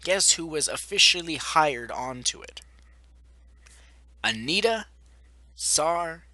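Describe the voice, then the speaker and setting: A man's voice: on the high side, animated, takes it slowly, bright, forceful tone, no room sound. A young man delivering a blunt, profane, sarcastic rant to camera as a vlogger, often mocking the people he argues against. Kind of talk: ranting commentary to camera.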